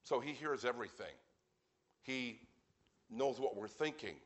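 A man at medium pitch preaches an evening sermon as pastor. Earnest and plain-spoken, he slips in wry asides and gives scripture a slow, weighty reading.

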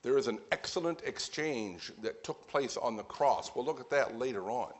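A man preaching a sermon at a brisk pace, stressing his points and repeating them. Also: mid-range voice, expressive.

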